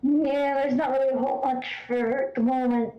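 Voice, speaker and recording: A woman playing a tabletop game, chatty and quick to laugh. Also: high voice, steady tone, roomy sound, dull audio. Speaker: player. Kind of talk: casual tabletop play.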